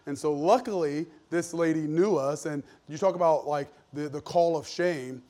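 A man in his thirties preaching a sermon in a church, shifting from loud emphasis to hushed personal storytelling. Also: on the high side, moderate pace. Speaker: pastor. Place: church sanctuary.

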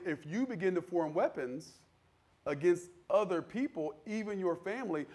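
A man preaching a sermon in a conversational style, acting out the people in his stories and building to loud, fervent peaks. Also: sits high. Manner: conversational preaching, acts out quoted voices, builds to shouting. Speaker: pastor.

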